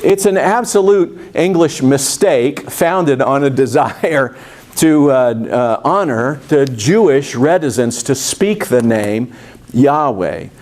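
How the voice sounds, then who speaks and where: A man's voice: mid-range voice, lively intonation, slow pace, darkish tone. A man teaching a Bible study class at a church, explaining things in a conversational way with frequent fillers and restarts.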